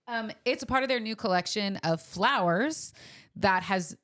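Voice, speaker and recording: A woman co-hosting a podcast, chatting casually and with excited enthusiasm. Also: medium pitch, normal speed. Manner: bubbly, enthusiastic, self-correcting. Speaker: podcast co-host. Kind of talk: casual chat.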